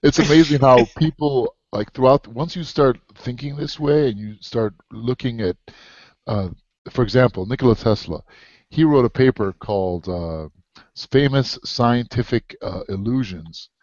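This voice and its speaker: A man's voice: medium pitch, unhurried, dry recording. A man in a casual conversation, telling stories eagerly. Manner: eager storyteller, animated. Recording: dull lo-fi audio, dry.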